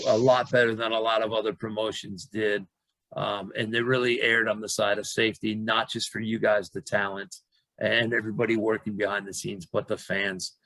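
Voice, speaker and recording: A man's voice: on the low side, gravelly, a bit bright, dry recording, low-quality recording. A man hosting a casual interview, asking long, rambling questions full of restarts. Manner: rambling, with many fillers and restarts. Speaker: interviewer, host.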